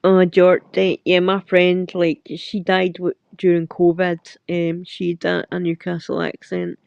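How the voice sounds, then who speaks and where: A middle-aged Scottish woman chats loosely with her viewers, full of fillers and little laughs. Her voice is dark and gravelly with a dry, close sound. The recording is a bit dull and lo-fi. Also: on the low side, monotone, a little slow, no echo. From Scotland. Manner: rambling, filler-heavy, laughs often. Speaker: livestream host. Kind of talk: casual chat with viewers.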